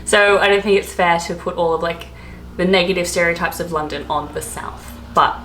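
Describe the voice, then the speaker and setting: A woman's voice: on the low side, steady tone, moderate pace, fairly bright tone, a little hiss or hum. An Australian woman vlogging in casual chat, rambling with lots of fillers and asides. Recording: echoey room.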